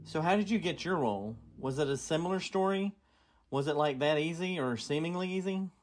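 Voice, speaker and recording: Chatty man co-hosting, slightly high voice. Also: brisk. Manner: retells things he read, chatty. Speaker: co-host. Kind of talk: casual podcast chat.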